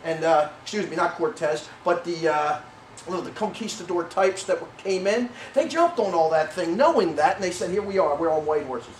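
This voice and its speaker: Recorded on a distant mic in a church sanctuary, with roomy church sound and slight background noise, a middle-aged man preaches a sermon as pastor. His voice is a little high and animated at a moderate pace. He rambles and corrects himself, using many fillers.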